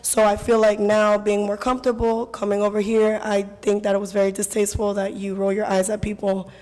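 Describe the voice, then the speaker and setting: A hoarse woman who has lost her voice, earnestly reading statistics as a public commenter at a council meeting. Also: mid-range voice, flat delivery, fairly quick, darkish tone. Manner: earnest, reads statistics, repeats her concerns. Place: council chamber. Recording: reverberant council chamber.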